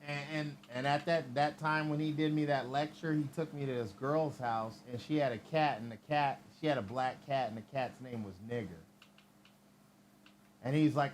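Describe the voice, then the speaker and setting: A man's voice: medium pitch, moderate pace, a little hiss or hum. Profane man rambling through a story. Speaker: livestream host. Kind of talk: casual storytelling.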